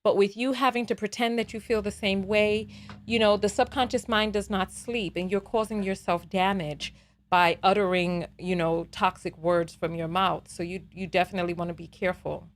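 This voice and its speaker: A woman hosting a live call-in show, talking casually and telling stories in an animated way, leaning on "you know" and "right?". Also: mid-range voice, normal speed. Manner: animated storytelling.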